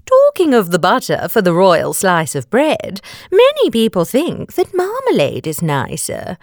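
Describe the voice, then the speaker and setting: A woman's voice: mid-range voice, huge pitch swings, measured pace, no echo, studio quality, voice pushed up. A woman doing a sweetly coaxing queen. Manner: sweetly persuasive. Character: coaxing, gentle storybook queen.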